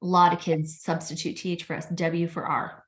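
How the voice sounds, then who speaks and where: A woman who is a speech-language pathologist, explaining ideas in an animated, teacherly way during an interview. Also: lowish voice, moderate pace. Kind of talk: interview conversation. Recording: echoey room.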